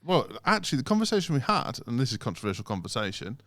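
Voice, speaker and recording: A man co-hosting a casual podcast, animated and lively, breaking into mocking imitations of automated phone messages. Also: mid-range voice, racing, no echo, studio quality. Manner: animated, mimics phone recordings in sing-song voices. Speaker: podcast co-host.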